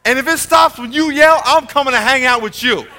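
A man teaching a Bible lesson in a lively sermon style, joking and swinging between loud and quiet. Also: a little fast, slight background noise. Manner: animated, jokey, swings from loud to low.

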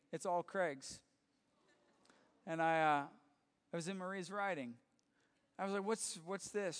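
High, smooth-voiced man telling a story. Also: a bit bright. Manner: conversational, halting restarts, acts out quoted dialogue. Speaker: youth pastor. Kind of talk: personal storytelling. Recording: reverberant hall.

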